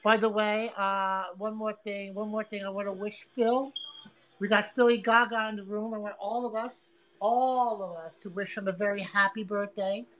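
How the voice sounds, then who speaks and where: A woman livestreaming an angry, profane rant, taunting and repeating herself with loud outbursts. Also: medium pitch, steady tone, normal speed, low-quality recording.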